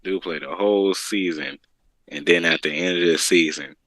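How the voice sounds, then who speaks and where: A man's voice: sits low, steady tone, normal speed, a bit bright, dry recording, low-quality recording. A young man chatting casually about a video game in laid-back slang, retelling scenes in quoted voices. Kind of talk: casual gaming chat.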